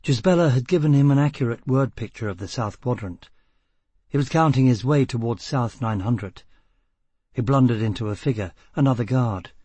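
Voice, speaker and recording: A man reads a tense novel aloud in a steady narrator's manner. His voice is husky and mid-pitched. The sound is dry and close to the mic. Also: normal speed, dry recording. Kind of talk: audiobook narration.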